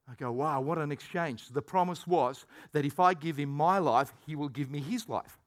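A high-pitched man preaching a lively sermon. He acts out the voices he quotes and swings from shouts to low, quiet asides. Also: fairly quick. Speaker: pastor.

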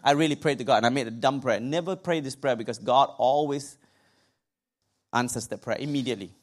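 A man in his thirties tells a personal story from the pulpit. His pitch sits in the middle range for a man, and his delivery is animated and humorous. He keeps turning to the congregation with quick asides. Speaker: preacher. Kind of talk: sermon storytelling.

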